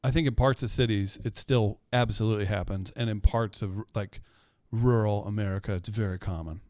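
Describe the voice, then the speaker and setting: Easygoing man with a smooth voice. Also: on the low side, a little fast, darkish tone, no echo. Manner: easygoing, quotes family members, laughs along. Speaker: podcast guest. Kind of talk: casual storytelling chat.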